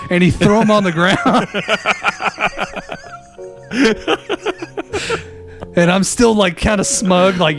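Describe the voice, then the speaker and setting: A man's voice: high voice, takes it slowly, long pauses, faint music behind. A man calling in to a show, telling a story casually, laughing often and acting out the lines of the people in it. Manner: animated, laughs often, acts out others' lines. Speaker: caller. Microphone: phone call-in.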